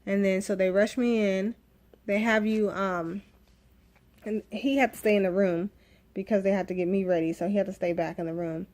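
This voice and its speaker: A woman's voice: mid-range voice, steady tone, normal speed, a little mellow. A woman in her thirties telling her own birth story in a candid, emotional vlog, rambling with restarts. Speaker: vlogger.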